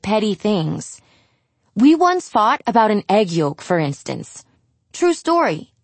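A woman's voice: on the low side, dry recording. A woman reading a first-person novel aloud in a blunt, wry, exasperated voice. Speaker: audiobook narrator.

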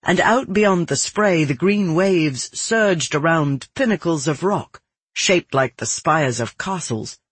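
A man reading a first-person novel aloud in a measured, descriptive manner. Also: fairly high pitch, fairly bright tone, slightly rough, no echo. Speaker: audiobook narrator. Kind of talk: scripted narration.

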